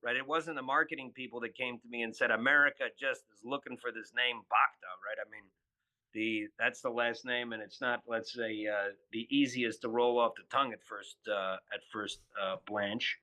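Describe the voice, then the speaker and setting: Bright-voiced man in his fifties telling stories. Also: medium pitch, fairly even intonation, moderate pace, poor audio. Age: 50s. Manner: rambling, many fillers and restarts. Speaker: guest, spirits entrepreneur. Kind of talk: casual podcast storytelling.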